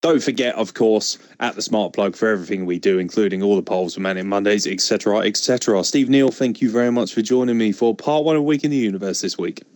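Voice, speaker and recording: A man's voice: on the low side, quick pace, hardly any pauses, a little mellow, no echo, studio quality. A man hosting a casual wrestling podcast, joking and chatty. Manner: joking, mock wrestling promo bits. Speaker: podcast host.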